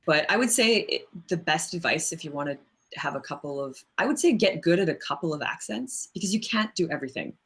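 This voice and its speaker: Woman with a low voice talking shop in an interview, laughs a lot, says like a lot. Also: animated, fairly quick, a bit bright. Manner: thoughtful, laughs often, many "like" fillers. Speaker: voice actress guest. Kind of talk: casual interview chat.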